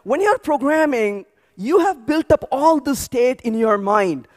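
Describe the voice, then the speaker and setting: Man, very high voice, conference speaker, animated storytelling, restarts a lot. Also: unhurried. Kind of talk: energetic tech conference talk. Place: large conference hall.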